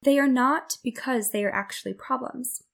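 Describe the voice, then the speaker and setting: Her voice sits high and moves at a normal speed. This woman hosts a self-development podcast, reflecting earnestly in monologue and performing the worried inner-voice quotes in her examples.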